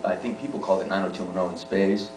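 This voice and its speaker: A man's voice: sits low, flat delivery, fast. A middle-aged man, an actor being interviewed, telling jokey, self-deprecating stories at a festival event. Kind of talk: casual anecdotal chat. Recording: echoey room, mic far off, faint music.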